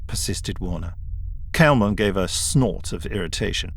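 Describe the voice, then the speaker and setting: A man reading a science fiction audiobook in a measured, even storytelling voice. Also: low voice, breathy edge. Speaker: audiobook narrator. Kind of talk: scripted audiobook narration.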